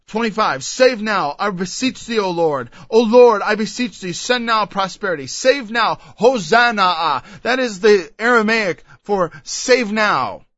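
High, bright-voiced man preaching scripture. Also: lively intonation, unhurried, hardly any pauses, dry recording, highs cut off. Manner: reads scripture aloud, then explains it with emphatic asides. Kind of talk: expository Bible sermon.

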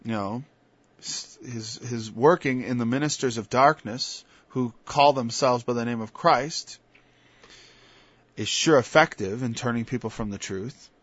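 A man's voice: mid-range voice, measured pace, fairly bright tone, breathy edge, no room sound. A man preaching an informal Bible-study sermon. He talks conversationally, stops and restarts, then builds to emphatic peaks. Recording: dull lo-fi dry recording.

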